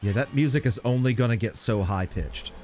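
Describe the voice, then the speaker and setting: A man's voice: mid-range voice, a little fast, a little mellow, a little hiss or hum. A young man giving casual, joking commentary while playing a video game at home. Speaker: gameplay commentator. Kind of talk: casual let's-play commentary.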